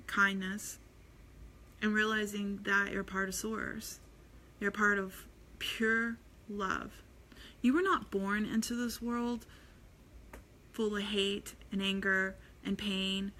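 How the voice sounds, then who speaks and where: Bright-voiced woman giving spiritual talk. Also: medium pitch, a little hiss or hum. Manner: rambling, many fillers and restarts, earnest. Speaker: spiritual vlogger. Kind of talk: casual inspirational talk.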